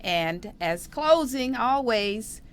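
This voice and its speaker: A woman's voice: a little high, animated, very slow, clear, resonant tone. A woman hosting a radio talk show, upbeat as she sums up points and wraps up the episode. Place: radio studio.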